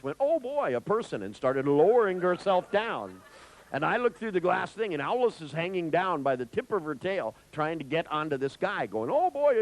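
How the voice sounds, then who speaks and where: A man telling an anecdote in a lecture, acting out the voices with big jumps in pitch, swearing now and then and laughing at his own tale. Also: poor audio. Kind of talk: storytelling in a lecture.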